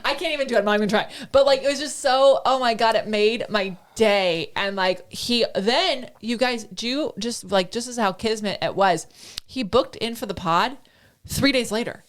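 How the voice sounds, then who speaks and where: A woman hosting a casual podcast chat, an excitable storyteller who gushes and acts out her own reactions. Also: on the high side, normal speed. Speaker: podcast host.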